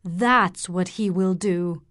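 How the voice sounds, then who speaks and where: A woman voicing a stern, angry doctor father in an audiobook story, speaking slowly and forcefully. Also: fairly low pitch.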